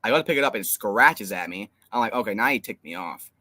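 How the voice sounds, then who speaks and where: A man's voice: lowish voice, animated, quick pace, bright, forceful tone, dry recording. A young man co-hosting a fan live stream, rambling through an exasperated story with lots of fillers. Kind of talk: casual live stream chat.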